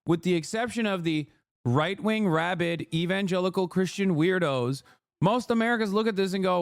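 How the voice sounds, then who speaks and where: A man's voice: sits high, moderate pace, clear, resonant tone. Profane, heated male streamer. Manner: profane, heated, sarcastic, laughs often. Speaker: streamer reacting to videos. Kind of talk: casual reaction commentary.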